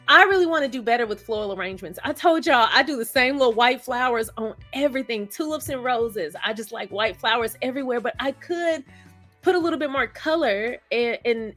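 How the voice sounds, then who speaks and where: A woman hosts a live stream discussion, chatting casually, reading viewer comments, greeting people by name and laughing often. Her voice is on the high side with a fairly bright tone.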